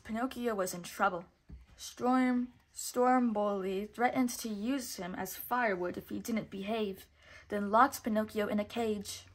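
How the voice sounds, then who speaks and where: A woman, a teacher, reading a children's storybook aloud in a clear, expressive way. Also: on the high side. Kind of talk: storybook read-aloud narration.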